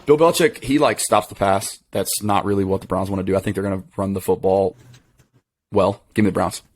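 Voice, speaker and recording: A man's voice: low-pitched, steady tone, a little fast. A man co-hosting a casual sports podcast, chatty and confident as he makes his picks.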